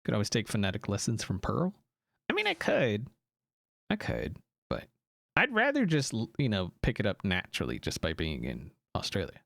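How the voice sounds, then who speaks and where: A man's voice: fairly low pitch, huge pitch swings, normal speed, vocal fry, a bit bright, no room sound. An American man streaming a game, chatting casually with viewers, rambling and correcting himself as he goes. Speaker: gaming streamer. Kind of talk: casual live-stream chat.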